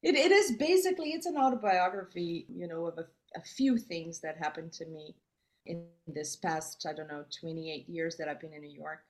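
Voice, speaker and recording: Low-voiced reflective woman from Brazil. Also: fairly quick, hardly any pauses, darkish tone. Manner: reflective, searching for words with restarts. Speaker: guest, theater creator and performer. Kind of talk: casual interview talk.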